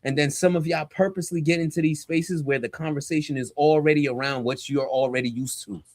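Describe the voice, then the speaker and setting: A man's voice: on the high side, fairly even intonation, brisk, a little mellow, dry recording, clean studio sound. A man, a pastor and podcast co-host, talking in a casual but preachy, emphatic and slangy way. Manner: emphatic and fired up, slangy and direct.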